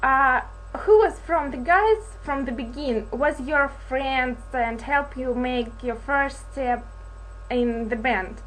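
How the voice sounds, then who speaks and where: A woman interviewing a singer, asking halting, careful questions. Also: high-pitched, fairly bright tone, a little hiss or hum, low-quality recording.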